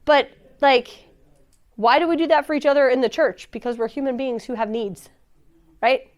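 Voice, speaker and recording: Woman speaker for a church talk, high-ish voice, casual and laughing, acts out her stories. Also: fairly even intonation, normal speed, dull audio. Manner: chatty, laughs often, acts out quoted dialogue.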